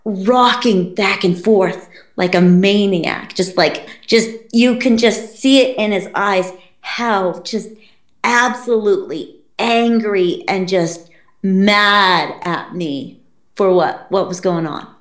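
A woman's voice: medium pitch, slow. A woman, a podcast guest, telling a personal story in a casual, blunt and profane way, with frequent swearing. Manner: blunt and profane, quoting people in lively put-on voices. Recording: roomy echo.

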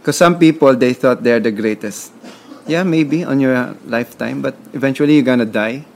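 Filipino guy on a podcast, kinda gravelly, preachy and pumped, repeats himself, little background hiss. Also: mid-range voice, moderate pace. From Philippines. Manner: emphatic, motivational, repeats words. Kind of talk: conversational interview.

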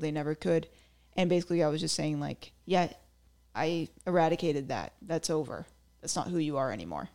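A woman's voice: on the low side, gravelly. A young woman hosting her own podcast, talking casually and playfully, joking about herself. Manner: chatty, playful, self-mocking jokes. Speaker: podcast host. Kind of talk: casual solo podcast talk.

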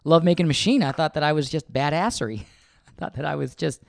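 A man's voice: a little high, fast talker, creaky, dry recording. A man co-hosting a podcast with his wife, joking and swearing freely as he gets defensive on a close mic. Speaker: podcast co-host. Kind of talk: casual couple chat.

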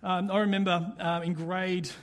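A young man giving a casual sermon, chatty and halting, with many restarts and fillers. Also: high voice, flat delivery. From Australia. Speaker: pastor.

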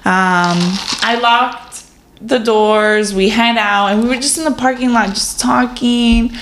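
A woman's voice: fairly high pitch, measured pace, echoey room, background noise. A woman co-hosting a podcast, telling a story in casual chat, swearing a lot and filling her talk with "like". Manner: animated storytelling, swears often, many "like" fillers. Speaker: podcast co-host.

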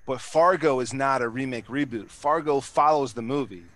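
A man's voice: medium pitch, normal speed, a bit bright, no room sound. Man, casual chat, cursing, rambling, dry close sound. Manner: profane, rambling, lots of restarts and fillers.

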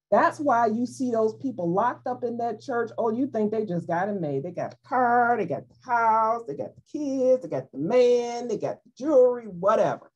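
A woman leading an informal Bible study, animated and playful as she explains scripture. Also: fairly high pitch, slightly rough. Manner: animated, playful, acts out voices in quotes. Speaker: Bible teacher.

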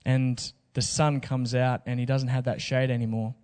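A man's voice: medium pitch, little pitch movement, moderate pace, a little mellow, smooth, long reverb tail. A man preaching a sermon in a casual, joking way with slang asides. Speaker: pastor.

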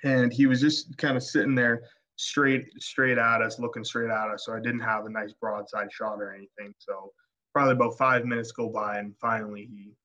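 A man from Alberta, Canada, a podcast guest telling a story in casual chat, excitable and rambling with many restarts. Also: mid-range voice, normal speed. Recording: dull lo-fi podcast audio.

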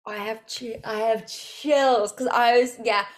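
A woman hosting a podcast, chatting casually and excitedly, swearing freely as she shares her own story. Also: on the high side, slow pace. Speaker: podcast host. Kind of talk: casual conversational interview. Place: home with a dog nearby.

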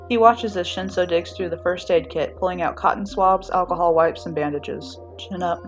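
A woman reading fan fiction aloud as a podfic, narrating steadily on a dull lo-fi home recording. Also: lowish voice. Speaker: podfic reader.

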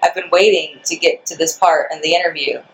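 A woman being interviewed outdoors, giving short, dry answers with deadpan humor. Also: low voice, brisk, low-quality recording. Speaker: interview guest. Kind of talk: casual interview chat. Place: outdoors in front of a store.

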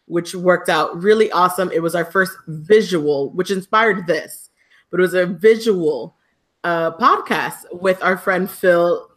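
A woman co-hosts a live podcast in upbeat, excitable chat. Her voice sits a bit low, and she laughs easily as she talks. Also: measured pace. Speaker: podcast co-host. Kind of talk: casual live-stream chat.

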